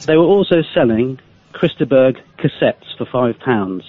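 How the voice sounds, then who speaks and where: A man's voice: mid-range voice, lively intonation, measured pace, no room sound. A man who is a regular on a late-night radio show, telling stories in a dry, wry way. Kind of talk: casual radio chat. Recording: dull, dry broadcast audio.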